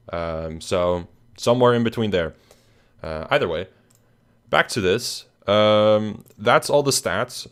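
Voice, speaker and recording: A young man hosting a casual recap of his channel, tired and yawning, rambling with lots of fillers and restarts. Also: fairly low pitch. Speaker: channel host. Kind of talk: casual screen-share recap.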